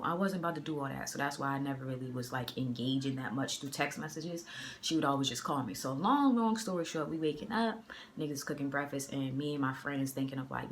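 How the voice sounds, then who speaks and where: A woman's voice: rumbling low, a little hiss or hum. A woman from the area, telling a story in a casual storytime vlog. She talks in a loose, chatty way full of fillers and slang, recorded on a phone. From Boston area. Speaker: vlogger. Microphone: phone camera.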